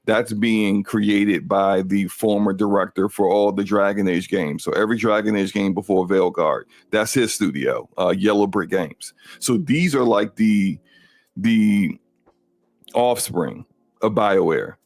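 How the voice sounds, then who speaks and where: A man's voice: lowish voice, unhurried, dry recording. A man co-hosting a gaming podcast, talking casually and insistently, often repeating words as he argues a point. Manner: rambling, emphatic, repeats words when arguing. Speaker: podcast co-host.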